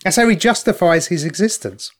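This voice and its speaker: A man's voice: high-pitched, lively intonation, fairly quick. A man in casual podcast banter, blunt and crude with jokey asides. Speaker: podcast co-host. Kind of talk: casual chat.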